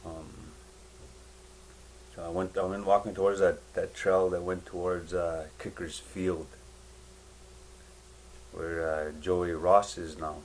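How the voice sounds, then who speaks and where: A man giving a personal spiritual testimony in a halting, rambling way, full of fillers and restarts. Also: low voice, little pitch movement, a little hiss or hum, poor audio.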